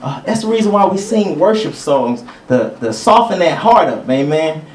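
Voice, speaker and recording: A man's voice: fairly high pitch, big pitch swings, normal speed, echoey room, distant mic, a little hiss or hum, low-quality recording. A male preacher giving a conversational teaching sermon. He chuckles between points and calls out for amens. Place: church sanctuary.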